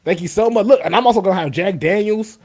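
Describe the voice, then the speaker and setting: A man's voice: high-pitched, fast talker, darkish tone. A man co-hosting a wrestling podcast in casual, slangy banter, reading out viewer comments. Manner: laid-back slangy banter, reads chat comments. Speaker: podcast co-host.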